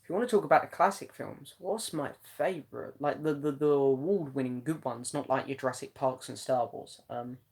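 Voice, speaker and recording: A man's voice: medium pitch, a little fast, hardly any pauses, darkish tone, husky. Rambling young man on a live stream. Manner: chatty and meandering, many ums. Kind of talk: casual live chat reading comments.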